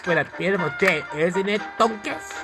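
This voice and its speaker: A man voicing a boastful male steam engine who talks in a gruff ogre voice, loud and drawn out, over background music. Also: sits high, voice pushed up, natural voice. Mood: taunting. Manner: loud, taunting, drawn-out calls.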